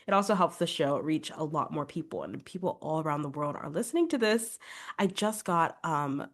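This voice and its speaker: A young woman hosting her singing podcast, chatty and upbeat, a little congested from a cold. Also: low voice. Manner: chatty, upbeat, many filler "like"s. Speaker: podcast host and vocal coach. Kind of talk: casual solo podcast talk.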